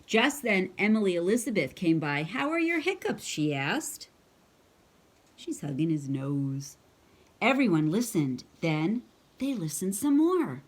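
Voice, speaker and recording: A woman's voice: lowish voice, sing-song, a little slow. A woman reading a picture book aloud to her child, breaking off for chatty asides and playful hiccup noises. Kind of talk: casual storybook read-aloud.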